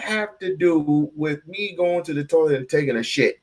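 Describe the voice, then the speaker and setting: A man's voice: a little high, lively intonation, moderate pace, few pauses. A man hosting a casual reaction show, blunt, profane and sarcastic. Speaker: show host.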